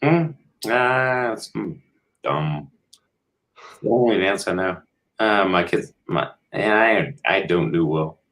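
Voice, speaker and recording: A man's voice: deep voice, lively intonation, slow pace, pauses often, a bit bright. An American man chatting as a guest on a video call, rambling and full of fillers and restarts. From United States. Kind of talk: casual chat.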